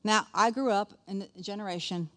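A middle-aged woman speaking to a church group in a relaxed, folksy sermon style. She drops in chatty asides and short laughs, then lifts into quoted scripture. Her voice sits at an ordinary pitch for a woman. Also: fairly quick.

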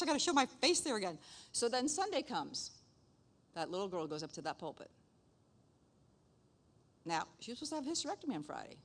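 A middle-aged woman, a nurse, shares a faith testimony in a lively way. She laughs often and acts out the dialogue. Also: on the high side, a little fast. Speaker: speaker sharing testimony. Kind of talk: casual testimony storytelling.

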